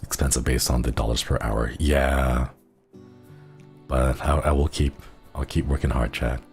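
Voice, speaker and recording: Very deep-voiced man chatting in rambling tangents. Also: steady tone, unhurried, faint music behind. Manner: rambling, filler-heavy, giggly asides. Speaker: VTuber streamer. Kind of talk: casual chat.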